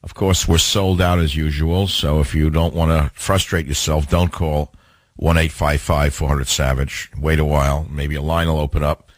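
A man's voice: very deep voice, little pitch movement, moderate pace, no room sound. An older man hosting a talk radio show, delivering an opinionated, combative monologue with rhetorical questions. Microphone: studio mic.

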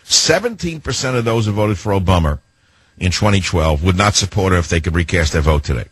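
A male talk radio host telling a rambling, indignant story in a husky voice. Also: deep voice, expressive, brisk, no echo.

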